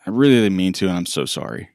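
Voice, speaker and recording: A man's voice: sits low, quick pace, no echo, clean studio sound. A middle-aged man co-hosting a podcast, chatting casually and acting out quoted dialogue with frequent laughs. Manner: animated, acts out quoted dialogue, laughs often. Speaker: podcast co-host. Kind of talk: casual conversational storytelling.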